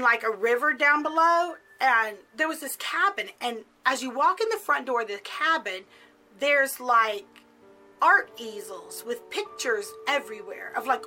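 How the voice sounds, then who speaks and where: A woman's voice: sits high, pushed and bright, low-quality recording. A middle-aged woman casually telling a personal story, chatty and full of filler words. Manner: chatty, peppered with "like".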